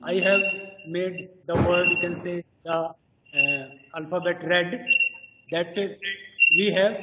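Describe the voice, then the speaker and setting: A woman lectures slowly, hesitating often and leaning on fillers as she explains each point. Her voice sits well back from the mic in a roomy, echoing space. The recording sounds dull and muffled, with loud noise underneath. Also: on the low side, recorded from a distance. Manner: hesitant, many pauses and "you can say" fillers. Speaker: teacher.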